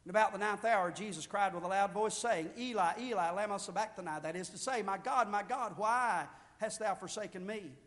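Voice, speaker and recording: Casting: male preacher, very high voice, fervent delivery that rises to shouts, sermon in a reverberant hall. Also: fairly quick, few pauses. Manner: fervent preaching, swelling to loud shouted peaks then dropping low. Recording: long reverb of a large hall.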